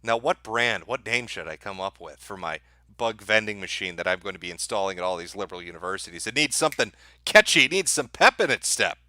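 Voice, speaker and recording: Sarcastic, foul-mouthed man with a bright voice. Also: lowish voice, expressive, quick pace, no echo, clean studio sound. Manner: sarcastic, profane, laughing at his own jokes. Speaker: livestream host. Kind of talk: livestream rant reading super chats.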